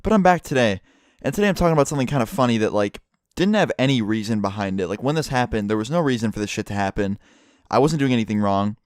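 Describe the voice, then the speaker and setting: Fast-talking young guy telling a story. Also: medium pitch, no room sound, clean studio sound. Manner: profane, excitable storytelling. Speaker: vlogger. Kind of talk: storytime vlog. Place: his room at home.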